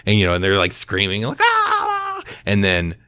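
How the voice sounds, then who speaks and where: Very deep-voiced man telling a story. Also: fast, smooth, no room sound, clean studio sound. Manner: animated storyteller, acts out voices. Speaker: podcast co-host. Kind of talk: casual storytelling chat.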